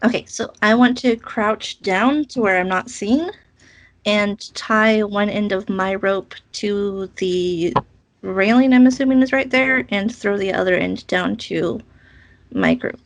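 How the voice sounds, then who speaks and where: A woman's voice: medium pitch, lively intonation, unhurried. A woman playing a tabletop game, talking through her moves casually. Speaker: player.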